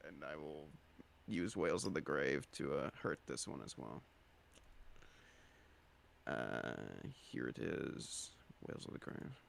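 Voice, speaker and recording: A man's voice: rumbling low, lively intonation, slow pace, gravelly, pauses often. A man playing in a tabletop game, hesitant and full of fillers. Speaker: player.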